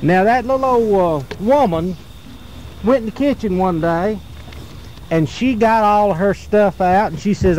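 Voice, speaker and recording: A man telling a repetitive folk tale around a campfire outdoors, in a folksy, drawn-out way. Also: high voice, a little mellow, slight background noise, poor audio. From North Carolina. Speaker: storyteller.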